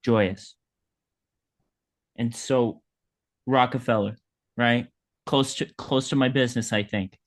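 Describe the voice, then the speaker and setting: A man's voice: mid-range voice, steady tone, slow pace, long pauses, close to an everyday voice. A man playing a self-pitying dead hot dog vendor who rambles melodramatically in an improvised comedy bit. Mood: melodramatic. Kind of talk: improvised comedy role-play.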